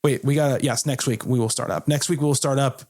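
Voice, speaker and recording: A man's voice: medium pitch, steady tone, quick pace, a little mellow. A man co-hosting a casual film podcast, talking loosely with fillers and restarts. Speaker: podcast co-host.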